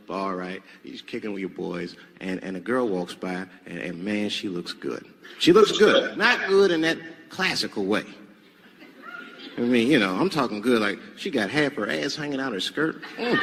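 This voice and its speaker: A male stand-up comedian telling stories on stage in a lively, animated way, jumping into loud high voices for characters. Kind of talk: stand-up storytelling. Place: large theater stage. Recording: echoey theater with audience noise.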